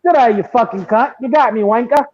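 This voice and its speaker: A man's voice: very high voice, brisk, highs cut off, pitched above the performer's own voice. A man putting on a mock British bloke who swears and trades crude insults, laughing as he goes. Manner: laughing, mocking. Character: mock foul-mouthed British bloke, cheeky.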